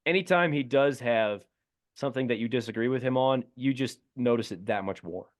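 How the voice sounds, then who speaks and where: Man, podcast co-host, easygoing, thinking aloud, middle-pitched voice. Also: a little fast. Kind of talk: casual sports podcast chat.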